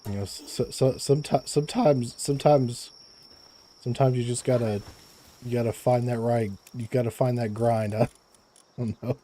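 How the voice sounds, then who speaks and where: A man's voice: mid-range voice, fairly even intonation, normal speed, warm tone, slight background noise. A young man chatting casually on a live game stream, stammering, repeating words and laughing often, close to his microphone. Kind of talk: casual live-stream chat while gaming. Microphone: close desk microphone.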